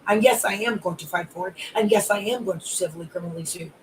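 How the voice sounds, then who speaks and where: Calmly enraged coach with piled-up lists. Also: mid-range voice, quick pace, slight background noise, rough recording. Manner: controlled anger, long repetitive lists of grievances. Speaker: life and wellness coach. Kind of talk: live audio-room monologue.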